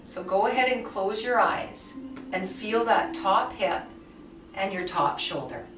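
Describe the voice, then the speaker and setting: A woman yoga teacher guiding a somatic movement class with soft, soothing cues. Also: mid-range voice, animated, measured pace. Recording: echoey room, mic far off, faint music.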